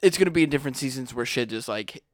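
A man co-hosting a podcast talks in loose, profane banter, often stumbling over repeated words. His pitch swings widely as he gets excited. The sound is dry and close, with no room echo. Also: rapid-fire. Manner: animated, swears freely, repeats words. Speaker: podcast co-host. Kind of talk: casual podcast chat.

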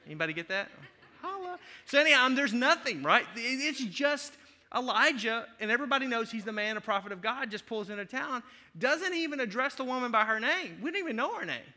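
A male pastor preaching in a high, very bright, sharp voice. He is emphatic and conversational, slipping in playful asides, and his words echo with the long reverb of a large hall. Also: lively intonation, fast talker. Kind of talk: sermon.

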